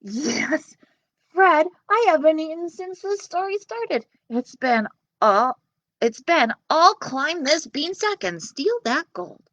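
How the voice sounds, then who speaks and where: Cheeky whiny storybook boy, high and bouncy, voiced by a woman. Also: very animated, slow pace, a bit bright, dry recording, muffled recording, heavily acted.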